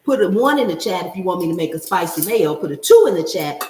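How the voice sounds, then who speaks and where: A woman's voice: fairly low pitch, animated, fast, a little mellow, echoey room, a little hiss or hum, poor audio. A middle-aged woman hosts a live cooking stream from her home kitchen, chatting and answering viewer comments as she cooks. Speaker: cooking show host.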